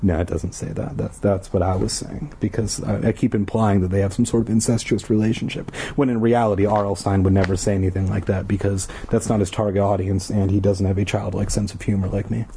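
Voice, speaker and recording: A man's voice: fairly low pitch, level tone, a little fast, gravelly, few pauses, warm tone, a little hiss or hum. A man from Southern California casually reading a children's horror book aloud, with dry joking asides. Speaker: story reader.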